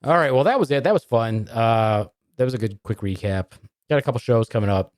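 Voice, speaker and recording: A man co-hosting a podcast, reading dirty jokes aloud in a deadpan way and laughing at them in casual chat. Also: medium pitch, no room sound, clean studio sound. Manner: deadpan joke delivery, quick laughs. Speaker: podcast co-host.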